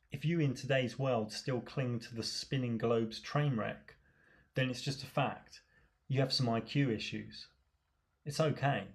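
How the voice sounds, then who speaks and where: A man with a mid-pitched voice delivers a comic rant monologue, dripping with sarcasm. He mocks and scoffs as he goes, with a casual, matey delivery. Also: vocal fry. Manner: sarcastic, mocking.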